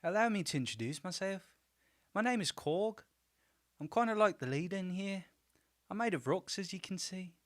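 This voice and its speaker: A man's voice: high voice, expressive, normal speed, long pauses, voice pushed up. A man putting on a friendly male rock creature, an easygoing leader, in an attempted New Zealand accent, loosely and casually. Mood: laid-back. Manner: loose, laid-back, amateur impression.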